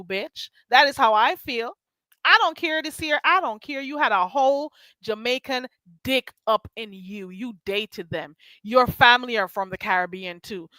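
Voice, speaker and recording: A woman's voice: fairly high pitch, sharp tone, no room sound. A woman hosting a casual commentary show, talking in a blunt, emphatic and profane way.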